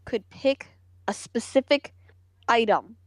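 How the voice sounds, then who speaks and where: A woman's voice: on the high side, slow pace, dry recording. A woman in a casual podcast chat, chatty and easily flustered, quizzing her friends.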